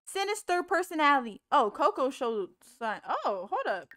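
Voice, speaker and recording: Young woman streaming a life-sim game, kinda high bright voice, chatty, bosses her sims around, cusses a lot. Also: normal speed. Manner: animated, chatty, scolds game characters, swears casually. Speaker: gaming streamer. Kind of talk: let's play commentary.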